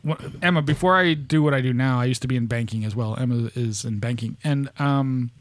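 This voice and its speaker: A man's voice: mid-range voice, fairly quick, no room sound. A man from upstate New York hosting a podcast, chatting in a rambling, casual way, laughing often and swearing freely. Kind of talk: casual chat.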